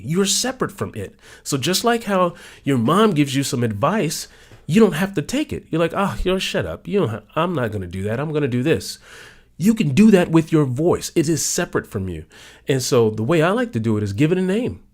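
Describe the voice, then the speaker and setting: Male motivational host, emphatic, repetitive, voice leaps high on stressed words. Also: darkish tone. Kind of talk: motivational talk about a book.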